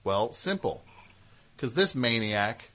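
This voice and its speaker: A man's voice: medium pitch, sing-song, sharp tone. Man, radio host, call-in banter, teasing, rambling. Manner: teasing, rambling, quick back-and-forth. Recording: radio broadcast.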